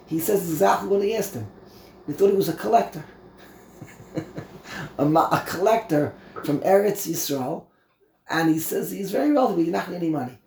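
Animated man teaching a Torah class. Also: high voice, a little fast, gravelly, long pauses, reverberant. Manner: animated, acts out voices, switches between Hebrew and English. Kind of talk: Torah class, explaining verses and commentary.

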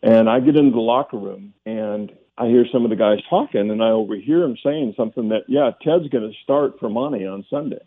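A man's voice: fairly low pitch, fairly quick, hardly any pauses. Ex football guy calling in, telling an old locker room story, sounds like a phone line. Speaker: guest, former football player. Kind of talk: storytelling in a radio interview.

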